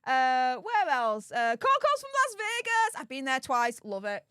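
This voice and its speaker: Woman, Yorkshire accent, high voice, livestream host, effusive, dry close sound. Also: huge pitch swings, unhurried, a bit bright, clean tone, no room sound. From England. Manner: bubbly and effusive, greeting viewers with "hey up". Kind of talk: casual livestream chat with viewer shout-outs.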